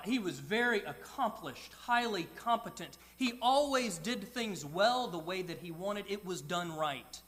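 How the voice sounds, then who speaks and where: A middle-aged male pastor delivers a sermon in a high, bright voice. He tells stories and often drops into soft, quiet asides. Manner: storytelling, with quick dips into soft quiet asides.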